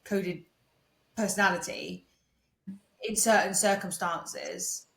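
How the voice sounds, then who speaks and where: A woman's voice: fairly low pitch, takes it slowly, gravelly, a bit bright. An Englishwoman with an English accent, co-hosting a podcast and rambling casually, full of "like" and acted-out quotes. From England. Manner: rambling, lots of "like", acts out quotes. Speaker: podcast co-host. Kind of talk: casual chat. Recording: roomy echo.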